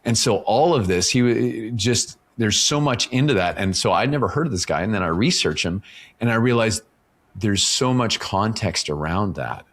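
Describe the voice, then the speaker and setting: Here a middle-aged man from Canada, an author and professional speaker appearing as a podcast guest, explains ideas through stories in a relaxed interview, often adding "right?" to his points. His lowish voice is expressive and fairly bright, at normal speed.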